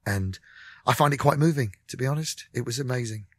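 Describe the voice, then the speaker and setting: Speaking briskly at a medium pitch, this middle-aged male musician shares candid anecdotes as a radio interview guest, animatedly playing out each conversation. The studio-quality recording has no echo.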